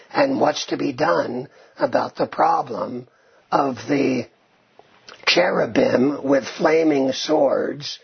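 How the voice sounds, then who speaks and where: A slow, deliberate male teacher lecturing on scripture and Hebrew wording. His voice is very raspy with a gravelly edge. He keeps asking "right?" to carry the class along, and the recording sounds dull and lo-fi. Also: medium pitch. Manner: checks in with frequent "right?"; reads Hebrew passages aloud. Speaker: Bible teacher.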